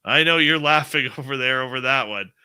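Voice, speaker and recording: A man's voice: mid-range voice, fairly quick, sharp tone, smooth. A man from Canada hosting a radio show, reciting a bawdy comic song in a rowdy mock accent and then chatting.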